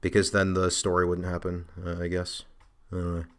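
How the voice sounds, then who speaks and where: A man's voice: low voice, completely flat delivery, fairly quick, a bit bright, slight background noise. Rambling male game streamer. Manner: rambling, trailing off, muttering. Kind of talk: casual let's play commentary.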